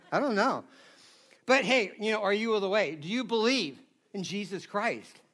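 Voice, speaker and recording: Preaching in a loose, unhurried way, a pastor with a very high voice speaks in a bright, sharp tone. The sermon feels like a friendly, chatty talk rather than a formal lecture, as he keeps checking in with the crowd by asking "right?"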